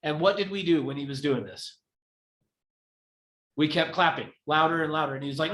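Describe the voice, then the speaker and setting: This real estate instructor, teaching a live class in a training room with echoey acoustics, demonstrates his examples by acting them out. He pauses often, with a slightly high, somewhat bright voice at a moderate pace.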